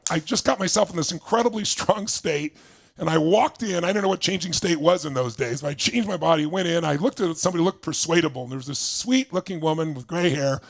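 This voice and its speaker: A motivational speaker, a man, tells a personal story to an audience in an energetic way and acts out the voices of the people in it. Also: high voice, gravelly.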